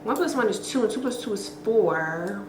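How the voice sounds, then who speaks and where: A woman's voice: mid-range voice, normal speed, echoey room, background noise. A woman vlogger telling a story to her viewers in a chatty, slangy, profane way, full of fillers and acted-out quotes. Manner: expressive, acts out quotes.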